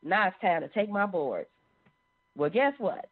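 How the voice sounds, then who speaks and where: A woman sharing a personal testimony in an animated storytelling manner. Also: lowish voice, measured pace. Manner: animated, acts out quoted voices. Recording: phone-like narrow sound.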